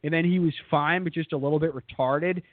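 A man's voice: a little high, steady tone, brisk, no echo, phone-quality sound. A man co-hosting a podcast, retelling stories in a profane way and putting on mocking voices. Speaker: podcast co-host. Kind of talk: casual storytelling chat.

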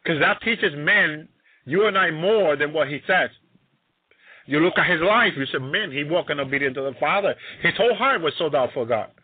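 A man's voice: fairly high pitch, expressive, normal speed, slightly rough, dry recording. Emphatic preacher man on a tinny line. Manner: emphatic, repetitive, exclaiming hallelujah. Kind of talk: sermon. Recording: tinny phone-like sound.

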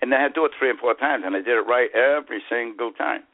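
Speaking fast in a mid-range voice, an elderly Bostonian in his 80s from the USA wanders through stories during an interview, peppering them with hesitant fillers. The audio comes through a phone line.

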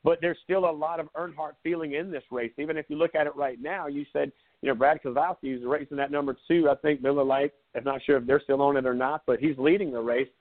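A man's voice: on the high side, fairly even intonation, quick pace. A man in his forties from South Carolina, a sports talk host telling rambling, sarcastic stories in casual live chat. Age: 40s. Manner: rambling storyteller, laid-back and sarcastic. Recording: tinny phone-like line.

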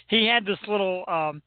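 A co-host from the Philadelphia area, with a Philly accent, jokes and rambles through a casual chat in a high, clear, resonant voice. The audio is dry and tinny, like a phone call.

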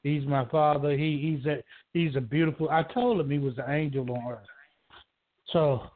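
Male caller, halting and rambling, pitched a bit high, heard over a thin phone line. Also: slight background noise. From Georgia, US. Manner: rambling, halting, many restarts. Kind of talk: emotional call-in talk. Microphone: telephone.

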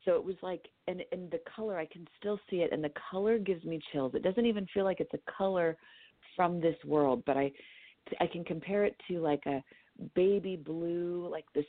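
Woman, from California, animated storyteller, dream therapist guest, low-ish voice, tinny phone-line sound. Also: normal speed, no echo. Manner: animated storyteller who acts out her own quotes. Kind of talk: storytelling in a conversational interview.

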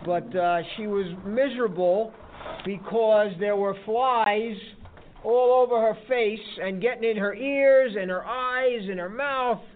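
A man's voice: sits high, slow pace, slight background noise. A man telling a folksy story to a recovery group, often checking in with a "huh?". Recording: tinny phone-like sound.

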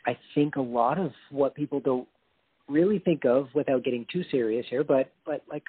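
Male guest musician, earnest and rambling, slightly raspy, tinny video-call audio. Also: medium pitch, normal speed. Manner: earnest, rambling with many restarts. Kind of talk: casual interview chat.

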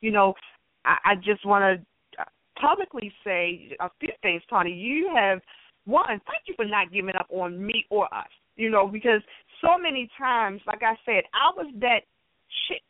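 A woman's voice: mid-range voice, lively intonation, normal speed, dry recording. A woman host in casual chat, telling heartfelt stories in an earnest way. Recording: tinny phone-line sound.

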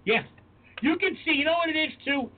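A man's voice: very high-pitched, a little fast. A man in his forties co-hosting a casual podcast chat, emphatic and profane as he tells stories. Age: 40s. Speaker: podcast co-host. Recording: tinny phone-like sound, faint noise.

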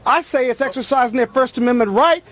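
A man debating as a political commentator on a cable news panel, forceful and talking over his opponent. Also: extremely high pitch, fast.

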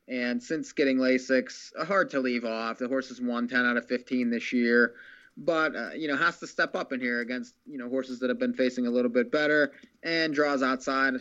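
Smooth-voiced man on a dull line. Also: medium pitch, fairly even intonation, a bit bright. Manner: measured, filler-heavy analysis. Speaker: racing handicapper. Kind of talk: horse racing handicapping talk.

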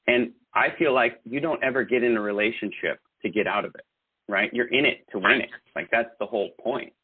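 A man's voice: medium pitch, fairly quick, breathy edge, dry recording. A man guest-hosting a casual talk show, speaking earnestly in a rambling way with many restarts. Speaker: guest host. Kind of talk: casual podcast chat. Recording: tinny phone-like line.

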